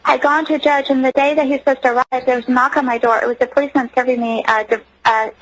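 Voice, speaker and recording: A woman's voice: high-pitched, steady tone, rapid-fire, rough recording. Earnest woman telling her story. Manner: earnest, emotional storytelling with many restarts. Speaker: interview guest. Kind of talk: personal testimony in a radio interview.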